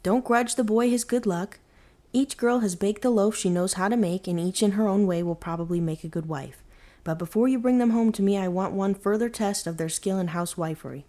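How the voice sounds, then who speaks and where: A woman voicing a gentle, fair-minded old farmer speaking to his sons in a bedtime storybook reading, in a measured, fatherly way. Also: mid-range voice, close to an everyday voice.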